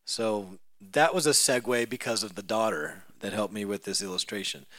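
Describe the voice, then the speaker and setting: A man preaching a sermon in a church, telling a story with lively acted-out voices that rise to loud peaks. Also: fairly low pitch, normal speed, no echo.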